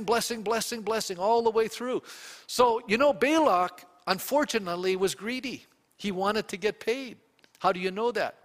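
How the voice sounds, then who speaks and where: Man, pastor, sermon, high-pitched, animated, questions to the congregation, long hall reverb.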